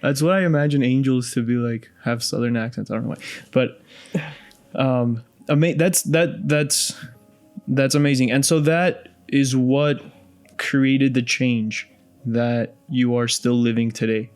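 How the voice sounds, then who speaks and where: A man's voice: medium pitch, steady tone, a little slow, faint music behind. A man hosting a podcast, asking curious, easygoing questions in a casual interview. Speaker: podcast host.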